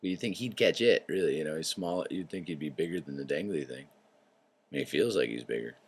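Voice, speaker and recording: A man hosting his own show, talking in a loose, rambling monologue that drifts into tangents, swearing freely and clearing his throat often. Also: extremely low pitch, expressive, a little fast. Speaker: show host.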